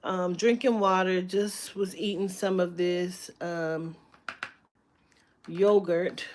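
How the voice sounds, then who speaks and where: Woman, home live-stream host, slow, rambling and candid, salty language. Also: on the low side, fairly even intonation, a little mellow, a little hiss or hum. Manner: rambling, candid, swears freely, many fillers. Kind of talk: casual live-stream chat.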